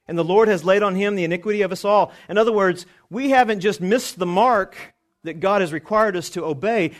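A pastor preaching a sermon, reading scripture and driving points home, dropping low then rising with emphasis. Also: male voice. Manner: emphatic preaching with swings from quiet to raised.

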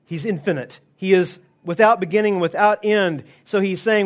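A man preaching a sermon, emphatic, slowing down to stress key phrases. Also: high voice. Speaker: pastor.

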